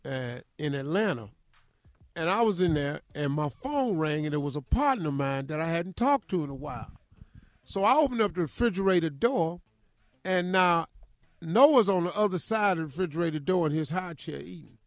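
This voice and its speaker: An older male radio host in his sixties, telling a comic family story with animated delivery. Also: on the high side, moderate pace, dry recording. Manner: animated, shouts in acted quotes.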